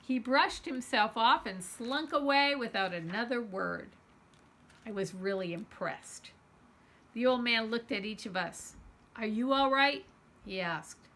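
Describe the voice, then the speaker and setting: A woman reading a children's novel aloud in an expressive first-person storytelling voice. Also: a little high, measured pace. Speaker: storytime reader.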